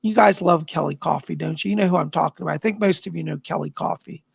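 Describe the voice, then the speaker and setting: A tired middle-aged man with a raspy, worn voice, chatting upbeat with viewers as a psychic livestream host. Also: fairly high pitch, fast talker, no echo, muffled recording. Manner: chatty, upbeat, answers chat questions. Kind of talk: casual live-stream chat.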